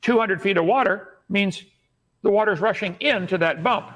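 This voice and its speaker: High-voiced lecturing man. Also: normal speed, fairly bright tone. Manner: lecturing, assertive. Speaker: debate guest. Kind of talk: debate argument.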